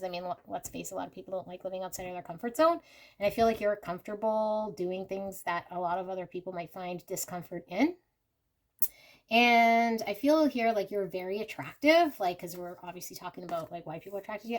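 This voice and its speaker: A woman giving a casual, unscripted pick-a-card tarot reading, speaking directly to the viewer and often hedging with "I feel like.". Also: mid-range voice. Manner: warm and reassuring, addressing the viewer directly. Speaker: tarot reader.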